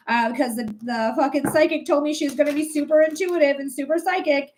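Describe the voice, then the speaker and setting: Chatty high-voiced woman streaming live. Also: fast talker, few pauses, slight background noise, low-quality recording. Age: 30s. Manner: chatty and animated, peppered with "um" and swearing; breaks off to thank viewers by name. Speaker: psychic streamer.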